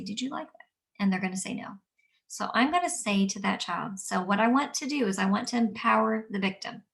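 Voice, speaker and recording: A woman who teaches young children, explaining calmly and gently and acting out what she says to kids. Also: medium pitch, gravelly, recorded from a distance. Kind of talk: instructional talk. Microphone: camera mic at a distance.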